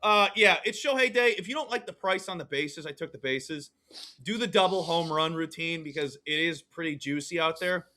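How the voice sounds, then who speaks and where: A man co-hosting a sports betting podcast, chatting casually and telling rambling, animated stories. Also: on the high side, moderate pace, slight background noise. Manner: rambling, animated storytelling with laughs. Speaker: co-host.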